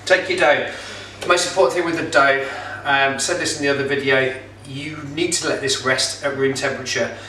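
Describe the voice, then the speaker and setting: Bright-voiced chatty man in an echoey kitchen. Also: mid-range voice, steady tone, fairly quick, few pauses, a little hiss or hum. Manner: chatty, jokey, with filler words. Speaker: pizza kit seller and presenter. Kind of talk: casual cooking demonstration. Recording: roomy echo, mic some distance off.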